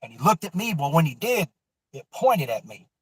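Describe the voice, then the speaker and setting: A man's voice: on the high side, big pitch swings, normal speed, a bit bright, husky, dry recording, rough recording. Rambling, profane man. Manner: rambling, profane, many fillers and restarts. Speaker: guest telling a personal story. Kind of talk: casual storytelling on a livestream.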